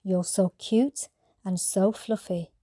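A woman's voice: mid-range voice, fairly even intonation, slow, warm tone, no echo, clean studio sound. A woman voicing a fox who teases a baby owl. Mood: teasing. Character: sly teasing fox.

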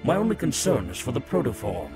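A man's voice: mid-range voice, sing-song, fast talker, gravelly, music in the background. A man voicing a pompous, short-tempered villainous robot warlord in a fan parody cartoon dub, speaking in a grandiose, theatrical way and barking orders. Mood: gloating.

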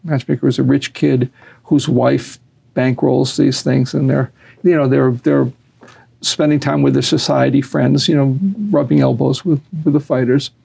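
An older man telling a long story in a sit-down interview, animated and acting out what people said. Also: mid-range voice, normal speed, creaky, slightly rough. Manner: animated storyteller, acts out quotes, laughs. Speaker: interview guest, former boxing fixer.

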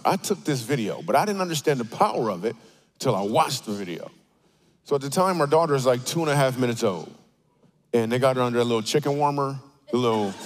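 A man preaching a comedic sermon in a church auditorium, telling stories with animated, playful asides. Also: mid-range voice. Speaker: guest speaker.

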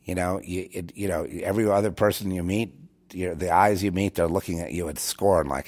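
A man's voice: low-pitched, fairly even intonation, a little fast, darkish tone. A man hosting his own show, talking straight to his listeners in a rambling, preachy monologue full of restarts and repeated words. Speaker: show host.

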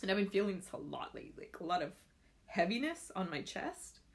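Chatting to the camera about essential oil tips, a woman vlogger rambles in a casual, heartfelt way full of fillers. She speaks briskly in a mid-range voice with big swings in pitch.

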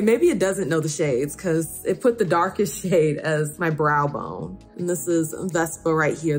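A young woman doing a casual makeup tutorial as a beauty vlogger, counting layers aloud in a playfully exasperated way. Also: lowish voice.

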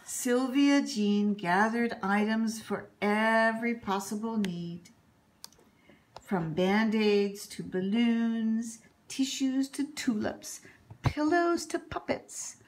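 A woman reading a children's picture book aloud in an expressive, animated storytelling manner. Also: fairly high pitch, slow, slight background noise. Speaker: reader.

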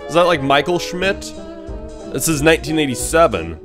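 Man playing a game, loud lively reactions. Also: a little high, moderate pace. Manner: swings between tense muttering and loud excited yelling. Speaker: gaming youtuber. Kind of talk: let's play commentary. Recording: game music behind the voice.

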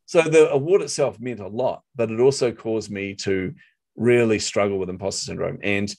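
A middle-aged man with a New Zealand accent, an interview guest telling animated stories and acting out quotes. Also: lowish voice, normal speed. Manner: animated storyteller, acts out quotes. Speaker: guest, marketing coach. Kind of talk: storytelling interview chat.

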